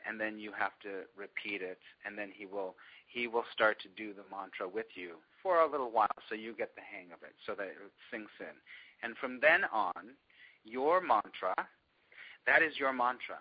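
Man telling an animated story, lo-fi. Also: fairly low pitch, husky. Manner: animated, laughs often while telling. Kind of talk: casual storytelling to a small group.

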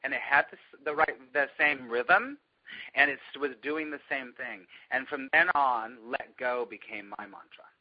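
A man telling a long personal story to a small group in a casual, animated way, often laughing as he goes. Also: mid-range voice, normal speed, slightly rough, muffled recording.

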